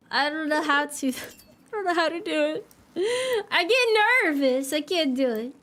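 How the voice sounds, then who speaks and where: Woman, high voice, young adult, playful, self-mocking, casual stream chatter. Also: expressive, slow pace, pauses often, fairly bright tone. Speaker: VTuber streamer. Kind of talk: casual live-stream chat while gaming.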